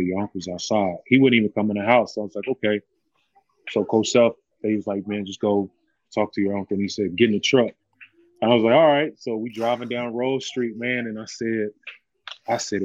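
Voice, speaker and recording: A man's voice: on the low side, steady tone, normal speed, no echo, dull audio. A man, a former college basketball player, telling his story in a loose, heartfelt way, full of "you know" fillers. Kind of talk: casual interview storytelling.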